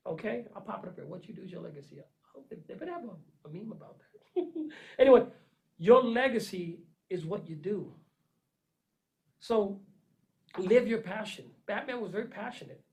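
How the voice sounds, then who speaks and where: An earnest man preaches a motivational pep talk, repeating himself and calling his listeners "man." His delivery swings from loud, pushy urging to low, intense murmurs. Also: rough recording. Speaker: vlogger giving life advice. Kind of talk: motivational monologue.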